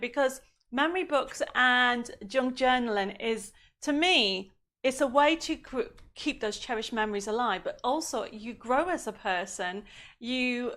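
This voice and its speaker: A woman's voice: a little high, a bit bright. A woman hosting a live craft show from her home studio, chatting and reading out viewers' greetings, with a slightly strained voice. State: coughing, voice going. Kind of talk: live-stream chat reading viewer comments.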